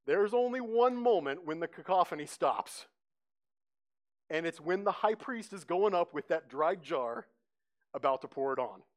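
A man preaching a sermon, telling the scene with lively storytelling and acting out the crowd's voices. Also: fairly high pitch, a little slow. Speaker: pastor. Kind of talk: sermon teaching.

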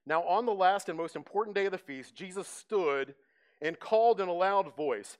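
Animated man teaching a sermon. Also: high-pitched, normal speed. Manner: animated storytelling, acts out crowd voices. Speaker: pastor.

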